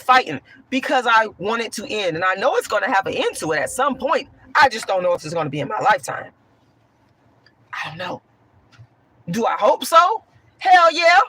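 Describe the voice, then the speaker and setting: A woman with a hoarse voice, talking bluntly and profanely while answering chat on a livestream. She swings from a raised voice to soft talk. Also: medium pitch. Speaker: online commentator.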